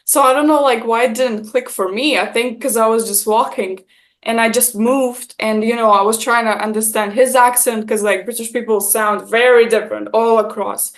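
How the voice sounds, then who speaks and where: Young Estonian woman, non-native speaker, bright storyteller with a slightly high voice, lots of "like". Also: moderate pace. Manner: animated, acts out quotes, many fillers. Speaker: guest content creator. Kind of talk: casual storytelling chat.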